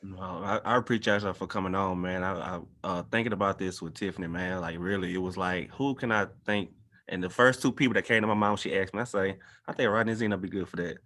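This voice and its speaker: A man hosts a casual podcast discussion. His voice sits fairly low but rings bright and forward. He talks in a loose, earnest, conversational way. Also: fairly even intonation, quick pace. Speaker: guest host.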